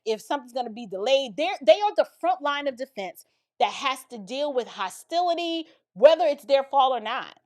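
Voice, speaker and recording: A middle-aged woman reacting to a clip with blunt, emphatic commentary. Her voice sits high, and her speech is loose and colloquial. She talks straight to her viewers. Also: very animated, moderate pace, darkish tone. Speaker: political and cultural commentator.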